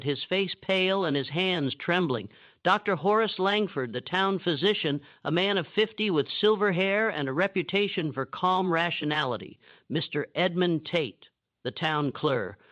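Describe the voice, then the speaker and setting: Male narrator, solemn and measured storytelling, fairly high voice, dull dry recording. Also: fairly bright tone, no echo. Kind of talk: scripted historical narration.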